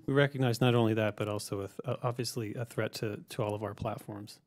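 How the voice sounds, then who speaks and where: A man's voice: fairly low pitch, steady tone. A man, a company executive, giving short answers at a congressional hearing. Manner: brief, quick answers. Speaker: tech company executive witness. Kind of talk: testimony at a hearing.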